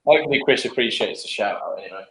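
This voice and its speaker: A man's voice: mid-range voice, racing, bright, forceful tone. A man chatting casually as a podcast panelist, with offhand swearing. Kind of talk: casual chat.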